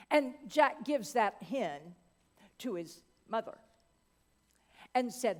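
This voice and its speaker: Slow, dramatic woman preacher. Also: medium pitch, expressive. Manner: dramatic, with long pauses and asides. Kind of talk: sermon storytelling. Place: church hall. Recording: long church-hall reverb.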